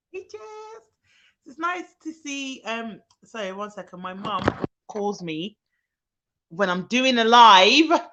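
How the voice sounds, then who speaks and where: A woman's voice: on the high side, expressive, slow pace, pushed and bright, muffled recording. Chatty woman on a live stream. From Birmingham, England. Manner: chatty, greets viewers by name, frequent ums. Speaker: childcare expert hosting a live stream. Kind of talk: casual live-stream chat.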